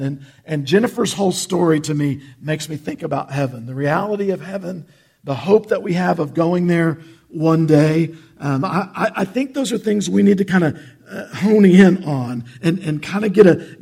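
A pastor preaches in an earnest, conversational way, stumbling and restarting as he goes. His voice sits high for a man and has a gravelly, husky edge. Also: a little mellow. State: choked up with emotion. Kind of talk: sermon.

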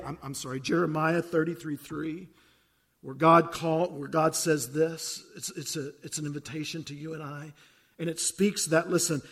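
A man preaching to his congregation, weaving folksy jokes and stories into the message. His voice sits high for a man, with a gravelly edge and a husky, slightly rough tone. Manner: storytelling, conversational, with folksy jokes. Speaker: pastor. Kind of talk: sermon.

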